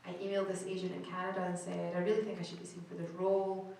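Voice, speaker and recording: A Scottish woman answers fans on a convention panel, chatty and quick to laugh, often breaking off and starting her sentences again. She sounds distant and washed in heavy hall echo, with a faint hum of noise underneath. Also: on the low side, level tone, vocal fry, dark tone. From Scotland. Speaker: guest actor on a convention panel. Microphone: camera in the audience, far from the stage. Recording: echoey hall recorded from far off.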